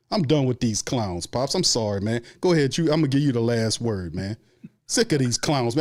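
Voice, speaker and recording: Furious ranting man. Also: medium pitch. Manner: angry, profane, repetitive ranting. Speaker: sports show host. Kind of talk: heated fan rant.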